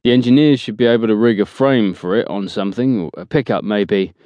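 A man voicing a big, calm male soldier who mutters his replies. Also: fairly low pitch, fairly quick, dry recording, highs cut off, pitched above the performer's own voice, natural voice.

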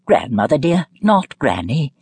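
A woman's voice: deep voice, big pitch swings, a little slow, a little mellow, slightly rough, no room sound, heavily acted. Woman voicing a prim, snobbish matron. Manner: primly correcting, disdainful. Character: prim, snobbish middle-aged mother.

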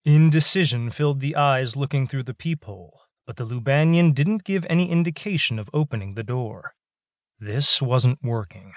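A man narrating a science fiction audiobook in a steady, measured way. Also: medium pitch, no echo, studio quality. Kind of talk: scripted sci-fi narration.

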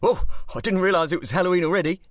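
A man voicing a rambling drunk in a Panama hat, gibbering in a high, quick voice. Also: dry recording, clean studio sound, close to an everyday voice.

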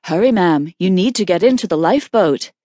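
A woman voicing a large, kind male stranger who speaks calmly and reassuringly, in a dry recording. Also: fairly low pitch, a little fast, no echo.

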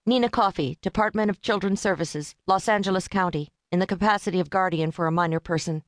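A woman voicing a female social worker who speaks clearly, quickly and in clipped, unapologetic words. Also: lowish voice, no echo, clean studio sound, voice pushed up, natural voice. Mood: brisk.

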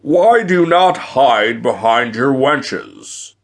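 A man voicing a huge, boastful male giant with a booming, mocking voice in an audiobook. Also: expressive, takes it slowly. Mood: scornful. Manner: mocking, taunting. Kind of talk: audiobook character voice.

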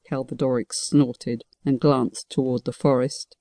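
A woman narrating a fantasy audiobook in an even, measured reading. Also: sits low, dry recording, studio quality.

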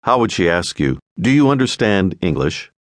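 A man narrating a scripted audio language lesson, giving prompts in a clear, measured way. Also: low-pitched, big pitch swings, no room sound, clean studio sound. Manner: clear, measured instructional delivery.

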